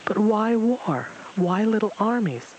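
A wise old man in a storybook who speaks calmly and asks pointed questions. He sounds gently amused and reflective, as voiced by a man reading aloud. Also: sits high, slow pace, lo-fi sound, slight background noise, voice pushed up. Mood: questioning. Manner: calm, reflective, lightly mocking.

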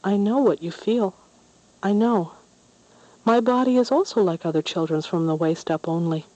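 A woman's voice: mid-range voice, normal speed, dark tone, dry recording, close to an everyday voice, low-quality recording. A woman voicing a shy, innocent young merchild boy in a storybook reading. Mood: pleading. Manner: hesitant, wondering.

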